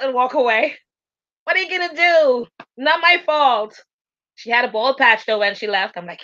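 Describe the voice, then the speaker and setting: Woman co-host, bright high voice, laughs a lot while telling stories, kinda muffled lo-fi stream. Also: slow pace, long pauses. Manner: animated storytelling, laughs often. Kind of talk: casual chat.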